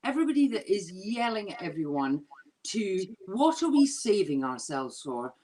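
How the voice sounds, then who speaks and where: A woman's voice: medium pitch, very animated, normal speed, mellow, slight background noise. A woman comedian ranting and swearing in a drunken comedy chat over a video call. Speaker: comedian guest.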